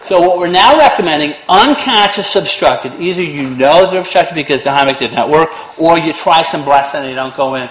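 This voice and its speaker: A man's voice: a little high, fairly quick, few pauses. A middle-aged man teaching a CPR class with blunt, sarcastic jokes between his instructions. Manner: sarcastic, blunt, joking, lively. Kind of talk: classroom lesson with joking asides. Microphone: handheld or worn microphone. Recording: echoey room, faint noise.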